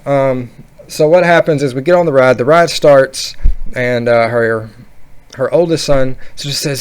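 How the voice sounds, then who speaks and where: A man telling a funny roller coaster story in a casual, rambling, animated way. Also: mid-range voice, a little slow, smooth. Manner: rambling, animated, laughing at his own story. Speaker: vlogger.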